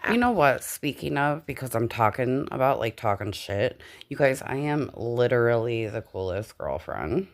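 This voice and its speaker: A young adult woman records a casual voiceover at home in a dark living room on a home voiceover mic, speaking as a vlogger. Her voice is extremely low and measured in pace, with hardly any pauses, though she occasionally stops to catch her breath. She's candid, profane and animated, rambling along with lots of swearing.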